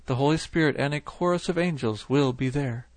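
Male narrator, mid-pitched, for a scripted religious vision reading with steady measured delivery and a dry sound. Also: no echo.

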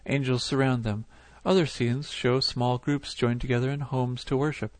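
Male narrator, mid-pitched, for a scripted religious vision reading with steady measured delivery and a dry sound. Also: no room sound.

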